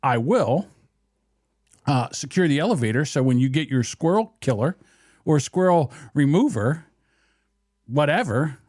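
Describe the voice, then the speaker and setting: A man co-hosting a podcast, with a voice a bit higher than most men's. His pitch swings widely as he tells a story, and he laughs and swears as he goes. The sound is dry and close, with little room echo. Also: lively intonation, a little slow, long pauses, a little mellow. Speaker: podcast co-host. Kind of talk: casual chat.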